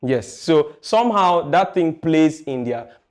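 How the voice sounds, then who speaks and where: Male music teacher, fairly high voice, chatty classroom lecture with jokes and questions to students. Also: animated, slow pace.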